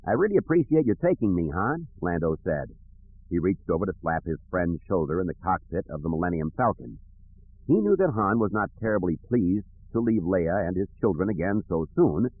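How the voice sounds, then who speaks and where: A man with a low, husky voice narrates an audiobook in a steady, even way. The recording is thin and tinny, like a phone line. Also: moderate pace. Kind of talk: scripted narration.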